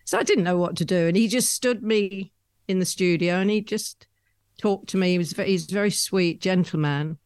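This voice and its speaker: A woman, a guest telling rambling stories about her past with soft laughs. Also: lowish voice, moderate pace, clear, resonant tone, no echo, studio quality. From London, England. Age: 70s. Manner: chatty, rambling storyteller with frequent soft laughs. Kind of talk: conversational anecdotes.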